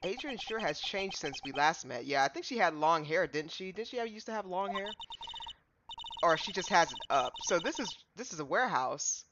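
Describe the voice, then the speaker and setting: Chatty woman streamer, lively pitch. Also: moderate pace. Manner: chatty, repeats herself, playful teasing. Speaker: streamer playing a game. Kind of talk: casual gameplay commentary, reading dialogue aloud. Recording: muffled lo-fi with clear background noise.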